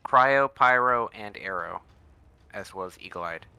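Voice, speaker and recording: Deep-voiced man musing over a game. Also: animated, gravelly, sharp tone, clean tone, no room sound. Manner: halting, full of fillers. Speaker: video game co-op player. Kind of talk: casual gameplay chat.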